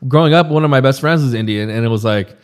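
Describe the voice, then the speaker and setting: A man's voice: mid-range voice, fast talker. Casual swearing guy saying dude. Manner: loose, profane, says "dude" a lot. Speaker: podcast co-host. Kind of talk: casual chat.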